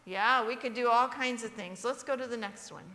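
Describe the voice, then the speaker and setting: A woman's voice: on the high side, moderate pace, pushed and bright. A woman giving a sermon in a church, often asking the audience questions, in an echoey church hall. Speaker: church speaker.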